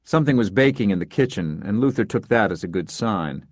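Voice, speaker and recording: A man narrating a story as an audiobook in a measured, understated way. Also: lowish voice, lively intonation, dry recording.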